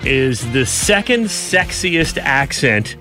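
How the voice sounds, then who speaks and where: A man's voice: mid-range voice, sing-song, slow, bright, forceful tone, faint music behind. A man hosting a radio show, bantering and joking and laughing often in a studio. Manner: jokey, laughs often, does silly voices. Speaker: radio host.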